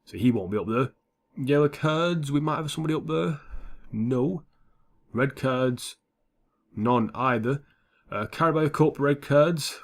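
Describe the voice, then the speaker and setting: A young man giving casual, sweary commentary over a football management game. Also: medium pitch. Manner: blunt, sweary and offhand. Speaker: gaming YouTuber.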